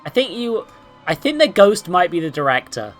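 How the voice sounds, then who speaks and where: A woman's voice: fairly low pitch, big pitch swings, moderate pace, soft background music. A young woman streaming a horror game with sarcastic, swearing commentary and playful asides. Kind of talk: casual gameplay commentary.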